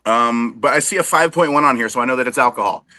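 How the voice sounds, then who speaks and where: A man's voice: mid-range voice, fast talker, sharp tone, no room sound. A man co-hosting a casual sports chat show, cracking jokes and poking fun at himself. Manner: wisecracking, self-deprecating. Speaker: podcast co-host.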